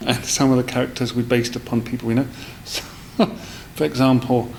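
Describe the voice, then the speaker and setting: Gravelly-voiced man telling stories. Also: mid-range voice, little pitch movement, normal speed, darkish tone, slight background noise, rough recording. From South East London. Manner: rambling, with many fillers and restarts. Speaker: guest. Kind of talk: casual storytelling in a podcast interview.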